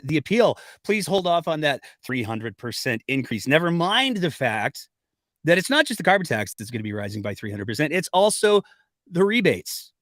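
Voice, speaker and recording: Male political commentator, sarcastic, fairly high voice, dry close sound. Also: dry recording. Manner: sarcastic, animated.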